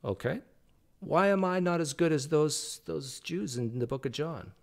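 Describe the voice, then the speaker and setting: A man's voice: on the high side, lively intonation, measured pace, gravelly. A man hosting a reaction video, arguing casually and addressing the speaker in the clip directly. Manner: argumentative, talks back directly to the speaker on screen. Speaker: video host reacting to clips.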